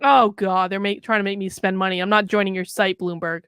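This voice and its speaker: A woman's voice: medium pitch, level tone, brisk, a bit bright, smooth, no echo, studio quality. A woman hosting a political commentary show, reading an article aloud with sarcastic, mocking asides and chatty anecdotes.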